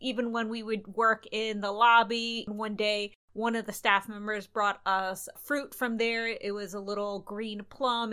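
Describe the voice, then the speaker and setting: A young adult woman co-hosting a travel podcast, telling stories in a lively way and acting out bits of dialogue. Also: mid-range voice. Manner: animated, recounts events with quoted dialogue. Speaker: podcast co-host. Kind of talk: casual travel storytelling.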